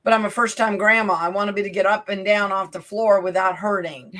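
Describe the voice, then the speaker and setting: A woman in her fifties co-hosting a casual chat, playful and teasing, with quick asides. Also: mid-range voice, steady tone, a bit bright. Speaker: podcast co-host and life coach.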